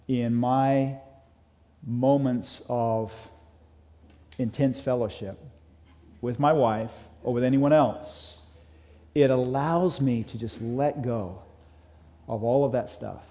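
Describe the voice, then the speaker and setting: A man preaching a sermon as a pastor, earnest, rising in intensity and then dropping to soft emphasis. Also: mid-range voice. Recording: long hall reverb.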